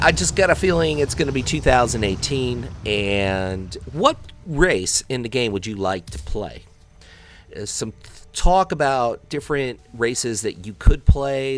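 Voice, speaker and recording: A man's voice: medium pitch, a bit bright, slight background noise. Rambling, joking gamer man. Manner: rambling, joking, taunting game enemies. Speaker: gaming video host. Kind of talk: let's play commentary.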